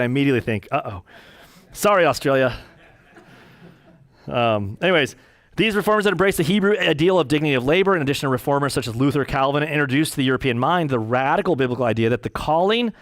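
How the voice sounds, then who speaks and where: Pastor preaching, dry close sound. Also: male voice, on the high side, dry recording. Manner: conversational, reads passages aloud then riffs with asides. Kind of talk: sermon teaching reading from a book.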